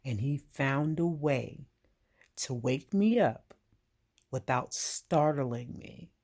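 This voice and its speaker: A woman's voice: a bass voice, expressive, takes it slowly, a little mellow. A woman and veteran speaking straight to the viewer, giving direct, emphatic advice in an earnest monologue. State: getting emotional.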